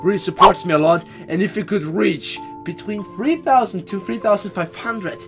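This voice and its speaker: A young man giving let's play commentary on a horror game, animated, shouting and swearing when scared. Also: high-pitched, moderate pace, faint music behind. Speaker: gaming YouTuber.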